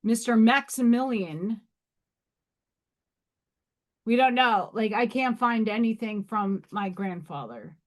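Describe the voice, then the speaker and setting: A woman's voice: a little high, expressive, slow, long pauses. A woman in her thirties hosting a casual livestream, chatting bluntly and reading rune meanings aloud. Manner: blunt, swearing, laughing asides. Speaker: livestream host.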